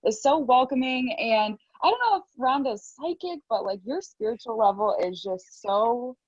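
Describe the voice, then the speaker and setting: A bubbly woman with a fairly high voice gushes warmly and laughs easily. The call audio is dull and very dry. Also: lively intonation, moderate pace, slightly rough, no echo. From Cleveland area. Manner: bubbly, gushing, laughing often. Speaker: group call participant. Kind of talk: casual heartfelt tribute. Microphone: video call.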